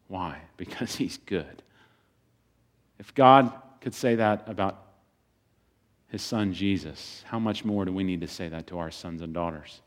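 A man preaching a sermon as a pastor, swinging between loud bursts and quiet, hushed passages. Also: fairly low pitch, unhurried.

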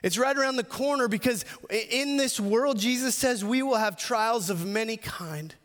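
A man preaching a sermon as pastor, earnest, stumbling over restarts and slowing down on key phrases. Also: very high-pitched, fairly bright tone, in a large hall.

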